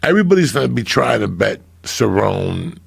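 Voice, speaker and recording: A middle-aged man telling animated, profane stories in casual chat on a podcast. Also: lowish voice, moderate pace, gravelly, husky, dry recording. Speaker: podcast guest storyteller.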